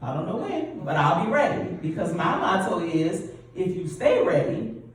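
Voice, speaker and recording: Lively middle-aged woman giving a pep talk in a church, big echo, mic a bit far off. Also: lowish voice, moderate pace. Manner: lively, interactive, keeps asking the audience questions. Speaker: speaker at a church event. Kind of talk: motivational talk to an audience. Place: church hall. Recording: roomy echo, distant mic, faint hum.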